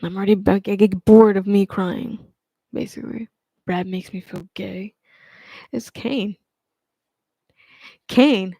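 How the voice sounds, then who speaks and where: A man talks on a livestream in a loose, rambling way, stopping and restarting his sentences and dropping in casual swear words. His voice is warm and mellow, often sinking to a near-mumble at the ends of thoughts, recorded dry and close. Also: high voice, steady tone, slow pace, creaky, long pauses, no echo. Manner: rambling and hesitant, many fillers and restarts.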